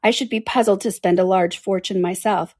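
A woman voicing a gentle, motherly widow. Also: mid-range voice, steady tone, brisk, slightly rough, dry recording, studio quality, close to an everyday voice. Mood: mild.

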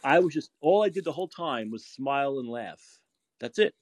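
A man's voice: medium pitch, lively intonation, moderate pace, no echo. An American man with a New York accent, hosting a podcast and chatting in a rambling, repetitive way. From United States. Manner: chatty, rambling, repeats himself. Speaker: podcast host. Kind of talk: casual podcast chat.

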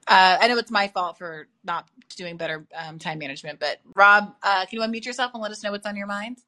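A woman's voice: medium pitch, pushed and bright. A woman hosting a live call-in podcast, upbeat and joking with callers. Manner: quick, upbeat, jokey with callers. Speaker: podcast host taking calls. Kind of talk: casual call-in chat.

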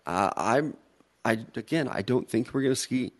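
A podcast co-host chats casually about college football bets, teasing and laughing often. His mid-range voice is animated and moves at normal speed.

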